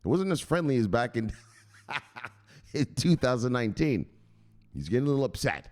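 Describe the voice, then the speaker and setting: A man's voice: medium pitch, sing-song, normal speed, pauses often, darkish tone. A man hosting a crypto news channel in profane, joking, rambling casual commentary.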